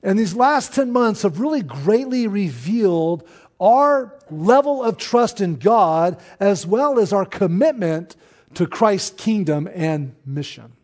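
Pastor guy preaching, pretty high voice, talks earnest and chatty, stops to let stuff sink in. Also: sing-song, a little mellow. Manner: earnest, conversational preaching with pauses. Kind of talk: sermon.

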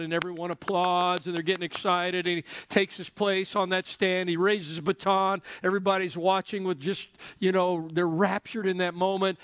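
A male pastor preaching in a relaxed, joking style, slowing right down to drive key phrases home. His voice sits fairly high and sounds close and dry. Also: dry recording. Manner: joking, conversational, prompts the congregation. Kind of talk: sermon.

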